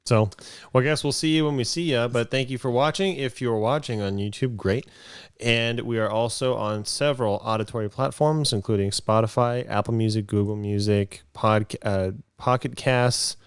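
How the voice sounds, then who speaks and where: A man's voice: medium pitch, fairly even intonation, normal speed, clean tone, dry recording, clean studio sound. A man co-hosting a casual podcast, talking in a laid-back way as he wraps up the show. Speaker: podcast co-host. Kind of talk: casual chat. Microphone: studio microphone on camera.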